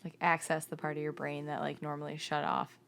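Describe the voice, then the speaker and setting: Young female podcast co-host, lowish gravelly voice, chatty and giggly. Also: completely flat delivery, brisk, a bit bright. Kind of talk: casual chat.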